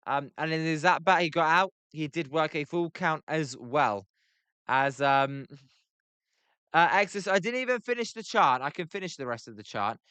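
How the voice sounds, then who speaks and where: British man, young, bright forceful voice, smooth and crisp, dry close mic, casual live commentary. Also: dry recording. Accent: British English. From Britain. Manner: chatty, filler-heavy, reads chat aloud between pitches. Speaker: livestream baseball commentator. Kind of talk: casual play-by-play livestream commentary.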